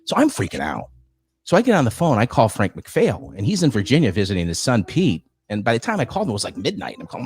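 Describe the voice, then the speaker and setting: A man co-hosting a podcast, telling a story in an animated, excitable way. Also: a little high, fairly quick, slightly rough, faint music behind. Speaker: podcast co-host. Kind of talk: casual chat, storytelling. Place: home podcast stream.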